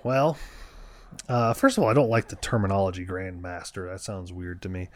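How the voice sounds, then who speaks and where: A man's voice: low voice, normal speed. A man playing along as a contestant in casual chat, hesitant and joking, with many fillers. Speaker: show regular, contestant.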